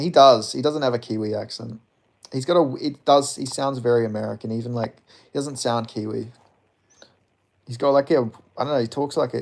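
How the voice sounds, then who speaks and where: A man's voice: medium pitch, gravelly, a little mellow. A man in his twenties chatting casually with his live-stream audience, rambling and swearing as he reads chat. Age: 20s. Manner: profane, rambling, laughs often.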